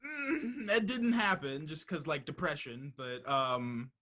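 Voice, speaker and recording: Young man, podcast host, casual chat, bright forceful voice, slightly high pitch, animated and profane. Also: takes it slowly. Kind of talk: casual conversation.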